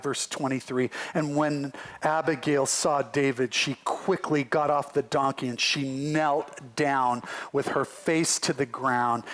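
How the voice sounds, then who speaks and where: A male pastor preaching a sermon, telling a story with lively acted-out voices on a church livestream. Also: mid-range voice.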